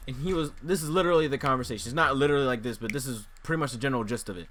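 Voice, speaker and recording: A man's voice: mid-range voice, rapid-fire, hardly any pauses, a bit bright, soft background music. A young man vlogging casually, telling a rambling story and acting out the voices of people he quotes.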